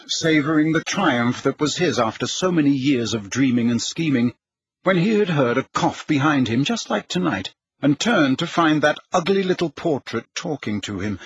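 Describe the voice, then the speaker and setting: A man narrating an audiobook in a measured, even storytelling manner. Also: mid-range voice, breathy edge, muffled recording. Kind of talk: scripted narration.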